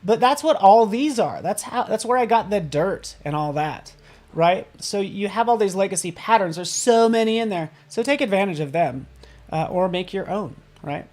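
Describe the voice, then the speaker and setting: A man hosting a live software tutorial, upbeat and playful, often checking in with the viewers and tossing in silly sound effects. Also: high voice, expressive, normal speed. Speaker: design software instructor.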